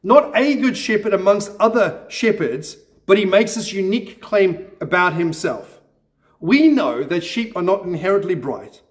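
A man with a notably high speaking voice delivers a sermon in a church. He preaches earnestly but mixes in gentle self-deprecating humor. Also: animated, unhurried. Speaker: pastor.

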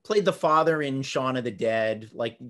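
A man hosting a podcast, chatting casually and telling stories with quick laughs. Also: mid-range voice, animated, pushed and bright. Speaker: podcast host. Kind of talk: casual chat.

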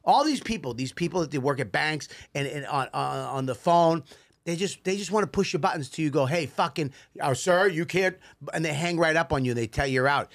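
A middle-aged man co-hosting a comedic podcast, telling animated stories, acting out voices and swearing a lot. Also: on the high side, quick pace, creaky, dry recording. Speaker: podcast co-host. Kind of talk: casual comedic podcast chat.

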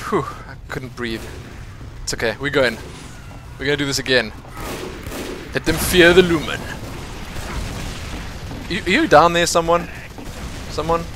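A man casually commentating his own online shooter match, excitable and chatty, laughing often and calling out to teammates. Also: a little high, unhurried, pauses often. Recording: noisy game audio under the voice.

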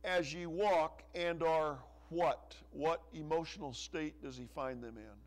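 A male pastor preaching a sermon in church, pressing hard on some phrases and letting others drop low and soft. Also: a little slow. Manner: preaching with rising emphasis and soft, dropping asides. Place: church sanctuary.

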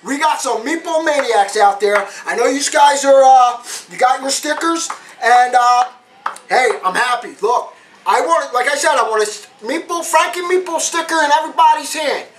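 A man's voice: extremely high pitch, animated, moderate pace, fairly bright tone, slight background noise. A man hosting a casual cooking demonstration, chatty and repeating his phrases with street slang. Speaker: home cooking show host.

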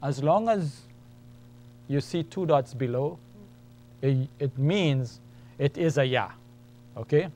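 A man's voice: mid-range voice, animated, slow pace, pauses often, mellow, slight background noise. A man teaching a beginners' lesson, patiently explaining and repeating each point step by step. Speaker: Arabic teacher. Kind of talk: classroom lesson.

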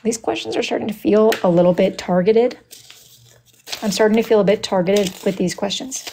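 A woman's voice: mid-range voice, fairly quick, gravelly, a little mellow, a little hiss or hum. A young woman hosting a casual livestream, reading viewer comments aloud in a sassy, dramatic, playful way. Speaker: livestream host.

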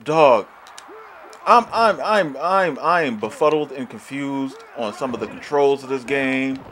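A man's voice: medium pitch, measured pace, a bit bright. A young man giving profane, frustrated let's-play commentary on a wrestling video game, ranting and swearing as he plays. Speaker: gaming YouTuber.

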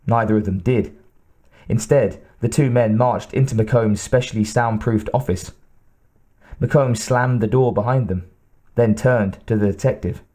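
A man reading a thriller audiobook aloud as narrator, in a steady, even storytelling manner. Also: lowish voice. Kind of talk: scripted narration.

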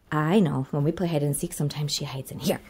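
A woman's voice: sits low, steady tone, fast, very noisy. A woman in her thirties, a mom doing playful pretend play with her child, fussing over her like a mother with a baby in a sing-song, exaggerated way. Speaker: mom in family kids' videos.

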